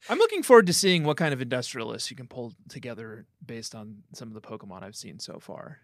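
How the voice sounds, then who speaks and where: Podcast co-host, male, loose rambling delivery with fillers, animated pitch. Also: fast talker, no echo, studio quality. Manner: rambling, joking, fills with ums and likes. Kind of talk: casual chat about a video game.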